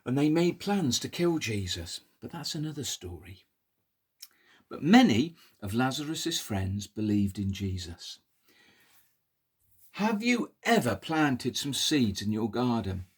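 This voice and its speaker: A man telling a Bible story to toddlers in an animated, sing-song way, coaxing the children to pull faces. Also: mid-range voice, slow, slightly rough.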